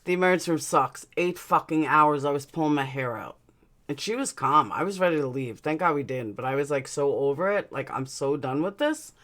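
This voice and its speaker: This woman's voice is deep yet a bit bright, a little fast and lively in intonation. Hosting a relaxed live stream, she reads her chat aloud and speaks plainly, lisping slightly because of dental aligners.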